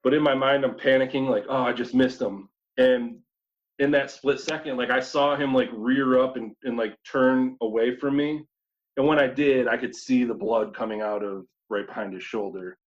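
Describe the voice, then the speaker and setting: A man from New York State, a guest telling a hunting story in a casual, animated way, acting out his own thoughts. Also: medium pitch, normal speed. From New York State, USA. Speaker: guest hunter. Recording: slightly dull lo-fi audio.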